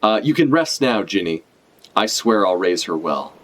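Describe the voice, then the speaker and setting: A man voicing a huge, gentle, devoted man. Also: lowish voice, sing-song, moderate pace. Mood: solemn. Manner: worried, earnest, read aloud from a comic.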